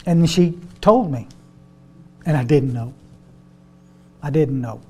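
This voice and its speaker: A man's voice: on the high side, slow, mellow, husky, soft background music. Folksy man telling his story. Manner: folksy, repeats words, addresses audience as y'all. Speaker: AA step study speaker. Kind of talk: recovery talk, storytelling to a group.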